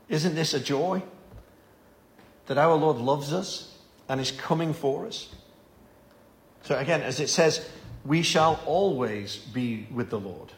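A man's voice: a little high, roomy sound. A man preaching an evening Bible-study sermon, earnest and given to repeating words as he stresses a point.

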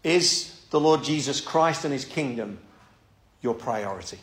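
A man's voice: mid-range voice, animated, measured pace, fairly bright tone, echoey room. A man preaching a sermon and leading prayer, talking earnestly and often repeating words as he starts a thought.

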